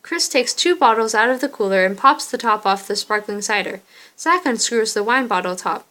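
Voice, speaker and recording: A woman narrates a story game in a plain, steady read. Her voice sits a little high. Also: normal speed. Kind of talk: fan reading of a story game.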